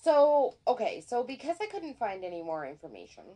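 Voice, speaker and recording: Animated, chatty woman podcast host. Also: on the high side, brisk. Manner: excitable, self-deprecating, chatty. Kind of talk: casual chat.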